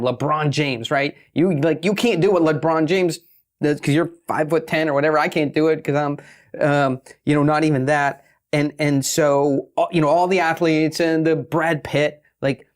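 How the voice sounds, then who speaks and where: A middle-aged man, a guest on an interview podcast, telling stories in an animated, joking way with quick asides. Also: a little high. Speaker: guest, pitch expert.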